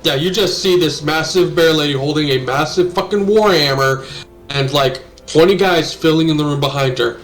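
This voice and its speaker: A man running a tabletop game as game master, narrating casually with swearing and hesitant pauses. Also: a little high, faint music behind. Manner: casual, profane, halting with fillers.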